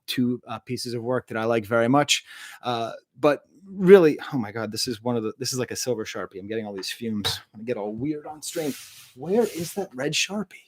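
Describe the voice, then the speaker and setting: A man's voice: medium pitch, a little mellow, dry recording, clean studio sound. A man who teaches French, chatting casually on a livestream, rambling and joking at himself with lots of filler uhs. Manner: rambling, self-deprecating, many filler uhs. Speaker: music reviewer and French teacher. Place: home room.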